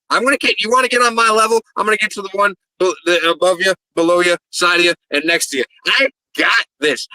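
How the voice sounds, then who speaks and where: A man's voice: high voice, sharp tone, no room sound, rough recording. A man, a pro wrestler, cutting a brash, profane promo and rambling and stammering through interview answers.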